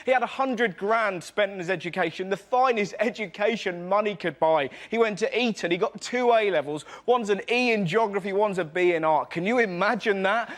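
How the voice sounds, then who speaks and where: A man doing a cheeky stand-up routine as a comedy panelist, telling stories in a quick, mocking way. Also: high voice, very noisy.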